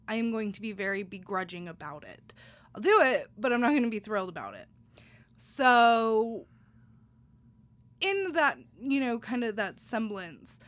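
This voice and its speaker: A young woman hosts a podcast in a casual, upbeat chat. Her voice sits a little high. She runs through announcements and stumbles into restarts and fillers as she goes. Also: a bit bright. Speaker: podcast host.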